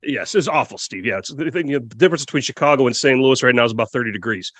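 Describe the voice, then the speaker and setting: A man's voice: medium pitch, racing, a bit bright, dry recording. A man co-hosting a casual podcast roundtable, chatty and jokey. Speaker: podcast co-host.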